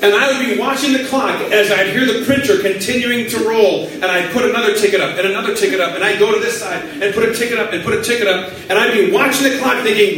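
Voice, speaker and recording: A man preaching a sermon, telling a story with animated voices for his own prayers. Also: high-pitched, fast, few pauses, crowd noise. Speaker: pastor. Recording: echoey hall from far off.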